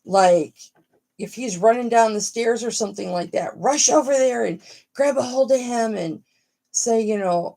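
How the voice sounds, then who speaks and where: A woman's voice: a little high, normal speed, gravelly, dark tone. A middle-aged woman hosting a casual live stream, talking frankly and motherly to her viewers and swearing freely.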